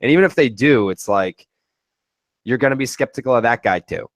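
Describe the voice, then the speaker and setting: A young man co-hosting a sports podcast, talking in a blunt, jokey and profane manner. His voice sits at an ordinary pitch and sounds dry, with no room around it. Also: expressive, a little fast, no echo. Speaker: podcast co-host. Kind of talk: casual sports chat.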